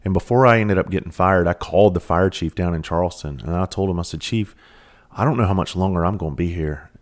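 Casting: man in his thirties, deep voice, ex-cop storyteller, profane and laid-back. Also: quick pace. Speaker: former police officer and firefighter. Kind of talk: casual storytelling.

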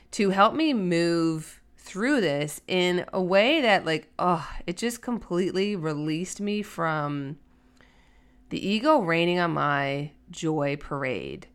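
A woman's voice: fairly low pitch, fairly bright tone, clear, resonant tone. A woman hosting a solo podcast in a chatty, earnest way, with many fillers. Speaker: podcast host. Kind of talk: casual solo podcast talk.

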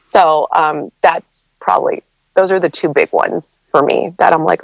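A woman's voice: deep voice, a little slow, creaky, no room sound, lo-fi sound. A woman in her thirties answering interview questions in a chatty, emotional way, with many fillers and laughs. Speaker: interview guest, content creator.

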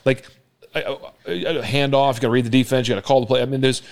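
This man in his forties is a former quarterback who now hosts a podcast. His voice is medium in pitch and steady in tone, and he tells stories rapidly in casual chat, acting out the quotes of the people involved.

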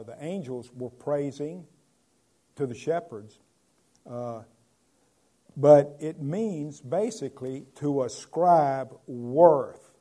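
A man, a pastor, preaching a conversational sermon and moving between loud proclamation and quiet asides. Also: medium pitch.

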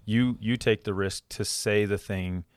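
A man co-hosting a casual podcast, thinking through ideas out loud and putting questions to his co-host. His voice is very deep, recorded dry and close. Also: steady tone, a little slow, clear, resonant tone, no echo. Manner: thoughtful, reflective, prompting questions.

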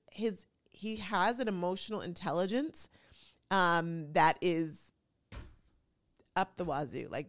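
A middle-aged woman from the United States hosting a show, giving a casual, chatty commentary monologue full of opinionated, wry asides. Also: mid-range voice. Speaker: talk show host.

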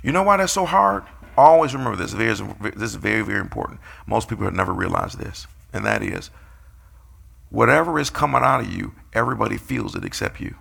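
A man's voice: fairly low pitch, brisk, creaky, a bit bright, husky. A man preaching a sermon, playfully calling out his congregation and acting out quotes.

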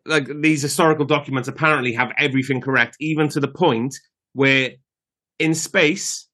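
A man's voice: mid-range voice, steady tone, moderate pace, sharp tone. A man co-hosting a casual film podcast, chatty and full of fillers, eagerly retelling scenes. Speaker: podcast co-host.

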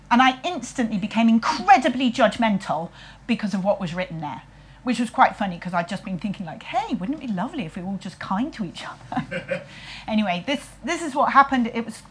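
A woman with a husky voice, telling a comic story in a wry, self-mocking way and putting on playful voices for quotes. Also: a little high.

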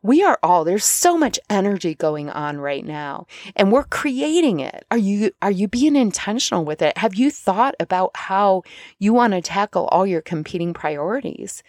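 A middle-aged woman coach talking casually about spiritual self-help, chatty and animated when she acts out her inner dialogue. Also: medium pitch, normal speed, dry recording, clean studio sound. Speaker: podcast host and coach.

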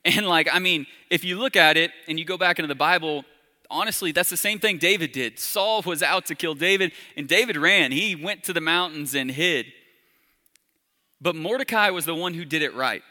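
A man preaching a sermon in a casual, conversational way, with soft, intimate appeals to the congregation. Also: fairly high pitch, moderate pace, long reverb tail. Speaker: pastor.

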